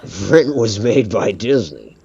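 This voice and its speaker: A man's voice: on the low side, sing-song, unhurried, dark tone, slightly rough, muffled recording. A man streaming a pirate game, chatting casually with a friend, joking, swearing freely and laughing often. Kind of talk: casual chat while gaming.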